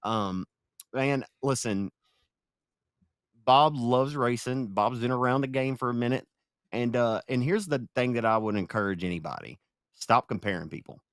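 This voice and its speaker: Young male podcast host, animated storyteller, drifts off topic. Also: mid-range voice, moderate pace, no echo, studio quality. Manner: rambling, animated, gets sidetracked. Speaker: podcast host and race announcer. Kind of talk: casual podcast chat.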